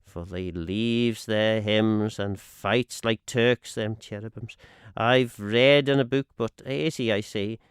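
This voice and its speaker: Slow man reading a dialect poem. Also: clear, resonant tone, dry recording, clean studio sound. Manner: measured and expressive, swinging pitch on quoted lines. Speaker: radio reader. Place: radio studio.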